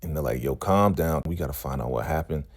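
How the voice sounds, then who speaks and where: A man's voice: extremely low pitch, fast talker, breathy edge. A man casually recapping a TV episode, retelling scenes and acting out the characters' lines, often checking in with "right?". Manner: relaxed storytelling, acts out characters' lines, frequent "right?". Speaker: recap show host.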